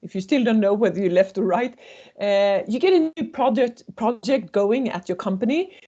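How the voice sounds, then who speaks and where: A woman's voice: mid-range voice, lively intonation, moderate pace, dark tone, muffled recording. A woman, a consultant presenting a webinar, telling stories and acting out what people say. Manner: storytelling, acting out quoted voices. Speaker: intercultural communication consultant.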